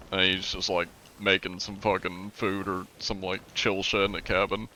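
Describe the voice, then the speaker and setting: Deep-voiced man streaming casually. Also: moderate pace, hardly any pauses, slight background noise. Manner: relaxed, rambling, swears casually. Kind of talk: casual live-stream chat while gaming.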